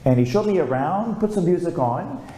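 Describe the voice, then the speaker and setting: A man's voice: high-pitched, lively intonation, moderate pace, mellow, slight background noise. An older man, a priest, preaching a storytelling sermon and calling out for amens. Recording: echoey room with faint ambience.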